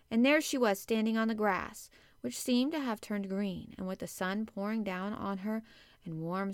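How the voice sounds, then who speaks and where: A woman reading a classic children's novel aloud, measured and gentle. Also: mid-range voice, no room sound, studio quality. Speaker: audiobook narrator. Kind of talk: storybook narration.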